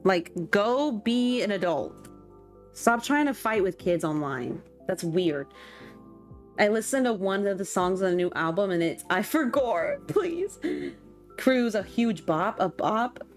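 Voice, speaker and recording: A young woman streamer chatting casually with her live chat while playing a game, excitable and quick to laugh. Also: medium pitch. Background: faint background music.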